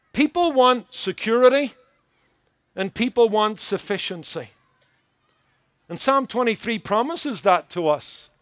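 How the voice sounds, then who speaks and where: A man's voice: high-pitched, no echo, clean studio sound. A man preaching a sermon as pastor, earnest and emphatic, building points through rhythmic repetition.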